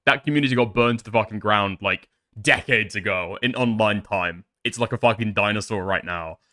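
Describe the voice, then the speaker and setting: A man's voice: lowish voice, fairly quick, pushed and bright. A young man doing casual stream commentary, swearing often, laughing and making sarcastic asides.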